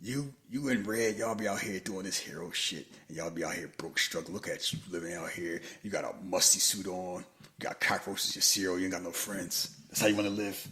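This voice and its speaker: A man co-hosting a podcast, joking his way through a movie recap in casual banter and slipping into quick character bits. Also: low voice, sharp tone, a little hiss or hum. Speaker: podcast co-host.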